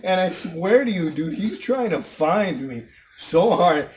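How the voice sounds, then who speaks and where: A young man casually telling stories to friends, often laughing and acting out loud exclamations. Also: high voice, lively intonation, measured pace, background noise. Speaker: channel host telling stories. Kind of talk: casual storytelling among friends.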